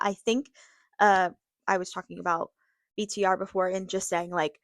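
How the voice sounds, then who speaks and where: A woman's voice: mid-range voice, moderate pace, a bit bright, no echo, studio quality. A young adult woman hosting a podcast, ranting candidly, swearing freely, laughing and talking straight to her viewers. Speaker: podcast host. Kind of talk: casual opinion rant.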